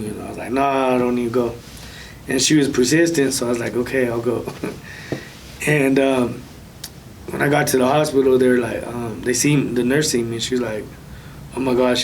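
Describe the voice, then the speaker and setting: A man speaking as an interview guest, telling a personal testimony in a soft, halting way with many pauses. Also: mid-range voice, vocal fry, far from the mic, a little hiss or hum, low-quality recording.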